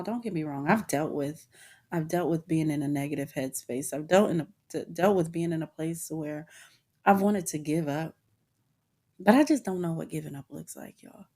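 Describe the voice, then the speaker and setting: Low gravelly woman, candid chat. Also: darkish tone. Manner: candid, informal, addresses listeners as y'all, many restarts. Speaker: podcast host. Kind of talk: personal reflective monologue.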